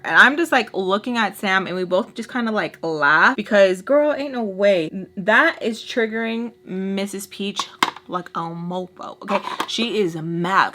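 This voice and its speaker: A woman in her thirties tells a storytime to her viewers. She talks casually and animatedly, with lots of fillers and direct asides. Her pitch sits in a middle range for a woman. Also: moderate pace, pushed and bright. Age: 30s. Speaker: storytime vlogger.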